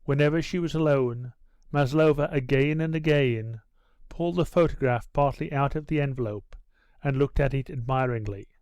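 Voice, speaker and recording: A male audiobook narrator reading a classic novel in steady, unhurried scripted narration. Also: mid-range voice, no echo.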